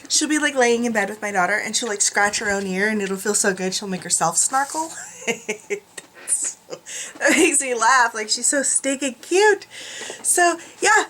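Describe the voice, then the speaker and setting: A woman's voice: high voice, bright, forceful tone, a little hiss or hum. Chatty self-mocking woman vlogger. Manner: chatty, rambling, self-deprecating. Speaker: craft vlogger. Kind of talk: casual chat.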